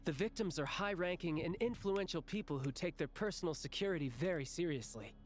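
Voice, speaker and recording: A man's voice: a little high, fairly quick, close to an everyday voice. A man voicing a cheerful, confident young male villain in a game, breezy and chuckling as he gives orders. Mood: playful. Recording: game voice over faint music.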